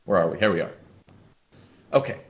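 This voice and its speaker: A man's voice: sits low, a little fast, highs cut off. A man running a live webinar on trading, explaining charts and often checking whether viewers follow. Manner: animated, asks viewers often. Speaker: trading educator.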